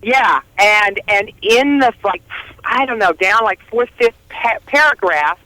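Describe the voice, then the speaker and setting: A woman's voice: medium pitch, lively intonation, measured pace, bright, forceful tone, no echo, poor audio. A woman calling in by phone to a talk radio show, chatting casually in a rambling way with frequent restarts. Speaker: phone-in guest. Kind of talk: casual chat. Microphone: phone line.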